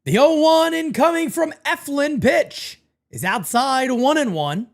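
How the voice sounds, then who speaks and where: Animated man calling baseball live. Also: a little slow, gravelly. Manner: animated, jumps between hype and low asides. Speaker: live baseball watch-party host. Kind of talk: live play-by-play commentary and sponsor read.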